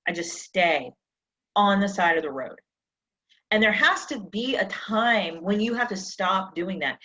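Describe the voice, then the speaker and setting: A woman's voice: mid-range voice, animated, measured pace, bright, forceful tone, highs cut off. A woman success coach giving an emphatic motivational coaching session, full of rhetorical questions, over a live stream mic.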